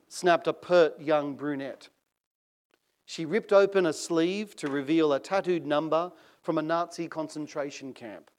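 A man preaching a sermon in a slow, deliberate cadence. His voice sits a little higher than most men's, and he leans hard into key phrases with dramatic, swelling emphasis. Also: lively intonation, darkish tone. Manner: measured, dramatic reading with rising emphasis.

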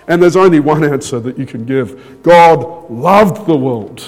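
A man preaching a sermon in a slow, deliberate way with dramatic pauses. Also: a little high, a little mellow. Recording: long hall reverb.

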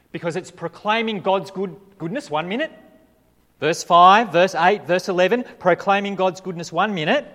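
A man's voice: a little high, fairly bright tone. Emphatic male preacher in reverberant hall. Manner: emphatic, rising and falling delivery with rhetorical questions. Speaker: pastor. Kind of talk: sermon.

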